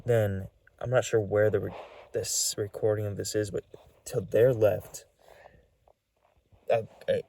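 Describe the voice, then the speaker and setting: Male vlogger, low and mellow voice, rambling halting storyteller who keeps searching for the right words. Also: little pitch movement, creaky, slight background noise. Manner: rambling, halting, lots of fillers. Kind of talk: casual storytelling vlog.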